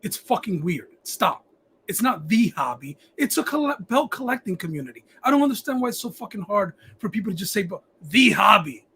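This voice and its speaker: A man's voice: high voice, big pitch swings, a little fast, fairly bright tone, a little hiss or hum. A man hosting a casual live-streamed podcast, swearing often and restarting his sentences. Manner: profane, rambling, stammering restarts. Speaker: podcast host.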